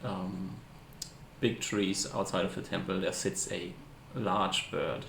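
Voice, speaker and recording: A man runs a tabletop game as game master, his low voice gravelly with fry. He narrates hesitantly and fills gaps with ums. The room is echoey, with a faint hiss. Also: level tone, slow, a bit bright. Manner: hesitant, searching for words with many fillers.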